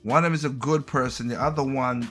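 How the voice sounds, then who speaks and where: A man in his late thirties co-hosting a podcast, talking in a laid-back, rambling way with halting restarts. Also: medium pitch, steady tone, a bit bright, faint music behind. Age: 30s. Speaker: podcast co-host. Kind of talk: casual podcast chat.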